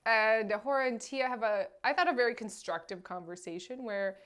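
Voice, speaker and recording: A woman co-hosting a casual podcast recap, talking in a lively, playful way and laughing often. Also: fairly high pitch, a little fast, smooth. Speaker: podcast co-host. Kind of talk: casual chat.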